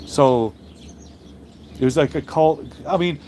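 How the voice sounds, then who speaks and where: A man's voice: a little high, takes it slowly, darkish tone, slight background noise. Blunt, profane man rambling casually. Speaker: trucker streamer reading chat. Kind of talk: casual livestream chat.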